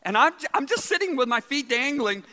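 A high-voiced man preaching with lively, repeating phrases and sudden hushed moments. His bright tone rings through the long reverb of a large hall. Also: a little fast. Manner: animated, repeats words, drops to hushed tones for quotes. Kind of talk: sermon storytelling.

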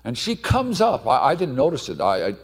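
A man preaching a sermon, telling a story with animated delivery and sudden shouted outbursts. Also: mid-range voice, a little fast, breathy edge. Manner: animated, acts out voices, bursts into shouts.

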